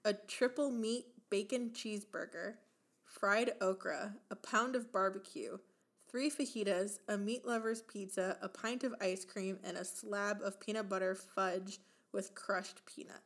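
A woman's voice: medium pitch, steady tone, unhurried, a bit bright. A woman co-hosting a casual podcast, reading out items from a list and laughing often. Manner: reads lists and quotes, laughs often. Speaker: podcast co-host.

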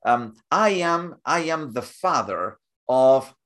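A man talking as a guest in an interview, halting and repeating words as he builds up examples. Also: medium pitch, lively intonation, a bit bright. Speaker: guest speaker. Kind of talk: conversational interview.

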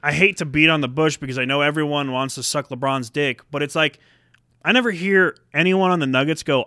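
Guy cohosting a sports podcast, smooth clear voice, swears a lot, acts out quotes, dry close sound. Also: a little high, brisk, pushed and bright, dry recording. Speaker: podcast co-host. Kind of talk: casual sports chat.

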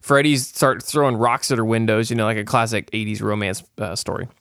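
A man's voice: on the low side, steady tone, fairly quick, fairly bright tone, no room sound, clean studio sound. A man co-hosting a casual movie podcast, laughing often and rambling with many fillers. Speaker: podcast co-host. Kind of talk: casual chat.

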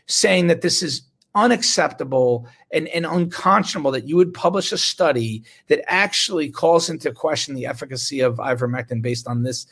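A man with a somewhat raised pitch and a husky edge to his voice speaks as a physician. He sounds indignant and mocks his targets with dry sarcasm, breaking into short laughs now and then. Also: normal speed, hardly any pauses, fairly bright tone. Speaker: physician speaking on medical research. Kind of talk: impassioned talk.

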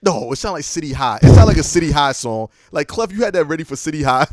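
A man's voice: a little high, lively intonation, quick pace, darkish tone, no echo, studio quality, faint music behind. A man co-hosting a casual album review chat, blunt and opinionated, laughing often. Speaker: podcast co-host reviewing an album.

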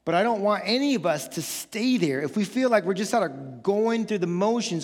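A male pastor preaching a sermon, animated, acting out casual quoted voices and building up to excited shouts. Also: high voice, normal speed, in a large hall. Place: church sanctuary.

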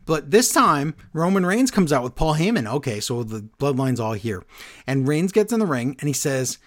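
A man co-hosting a casual talk show, recapping events in an animated way and acting out the quotes he retells. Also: moderate pace. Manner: animated, acts out quotes with shifting pitch and loudness. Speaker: podcast co-host recapping wrestling. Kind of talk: casual chat.

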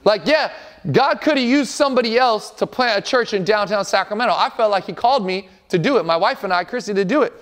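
A man's voice: high voice, fast, fairly bright tone. A man around forty preaching a sermon as a pastor, earnest and emphatic, repeating phrases for effect.

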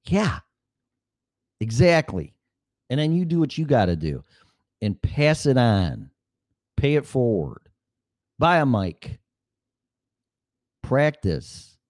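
A man's voice: mid-range voice, big pitch swings, slow pace, long pauses, darkish tone, dry recording, clean studio sound. A middle-aged man hosting his own podcast alone, talking in a rambling, casual and profane way. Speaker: podcast host. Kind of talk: solo podcast monologue. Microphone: studio mic with mixer.

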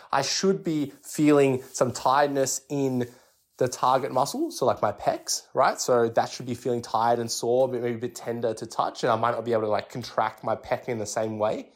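Young man, podcast host, casual and chatty, mid-pitched, restarts often. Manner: chatty, with many restarts and "like" fillers. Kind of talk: casual fitness explainer.

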